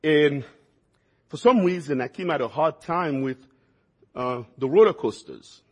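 A man's voice: on the high side, expressive, unhurried, breathy edge. A man preaching a sermon, telling folksy stories and repeating words for emphasis. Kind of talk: sermon with personal storytelling.

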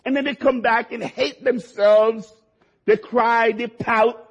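A man preaching a sermon, his delivery swinging between quiet, low passages and rising, emphatic stretches. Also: fairly even intonation, slow, husky, muffled recording. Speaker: pastor.

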